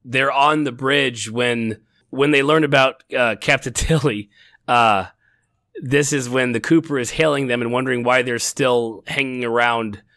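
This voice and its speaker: Middle-aged man, bright and forceful voice, dry close sound, rambling casual review chat. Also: mid-range voice, steady tone, a little slow, no echo. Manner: rambling, laughs often, many restarts. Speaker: podcast co-host.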